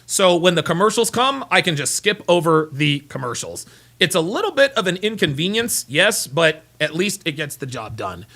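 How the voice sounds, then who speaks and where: A tired, yawning man hosts a casual livestream and rambles through viewer messages, repeating his phrases as he goes. His voice is fairly high and bright. His pitch swings freely from one phrase to the next. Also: big pitch swings, normal speed. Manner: rambling, repeats himself, talks while fumbling for files. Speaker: livestream host reading super chats.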